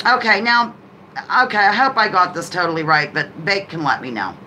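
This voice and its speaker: A woman livestreams a casual trivia game in a bright, clear, expressive voice of ordinary middle pitch, chatting loosely between questions and greeting viewers by name. She stretches each question out slowly, and the rough recording carries slight background noise.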